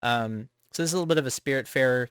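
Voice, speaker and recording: Animated man chatting on a podcast. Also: very fast, clean tone, no echo, studio quality. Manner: animated, laughing, jumps up in pitch on exclamations. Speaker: podcast co-host. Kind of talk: casual chat.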